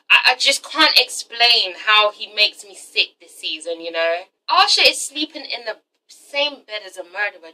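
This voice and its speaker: A woman's voice: a little high, bright, forceful tone, poor audio. A young woman casually recapping a TV episode, sassy and profane, ending lines with "okay?". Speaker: TV episode reviewer.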